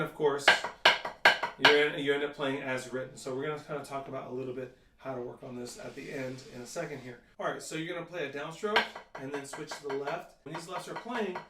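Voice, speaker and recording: A man's voice: a little high, heavy background noise. Man counting off drum exercises. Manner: counts aloud and calls stickings. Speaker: percussion teacher. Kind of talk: drum technique lesson. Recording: echoey room, mic at a distance, loud drumming.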